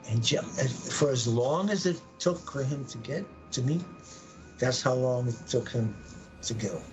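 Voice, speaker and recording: A man telling an intense personal story on a live podcast, acting out his own words and the words of others with sudden jumps in pitch. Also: unhurried, music in the background, low-quality recording. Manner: animated, acts out quoted voices with sudden pitch jumps.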